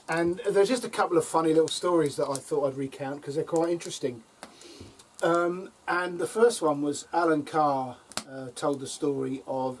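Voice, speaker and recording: An older man with a slightly high, darkish voice tells funny stories on his allotment, chuckling and saying um a lot as he chats to camera for his vlog. He's heard from a distance, with faint outdoor ambience and a little hiss or hum.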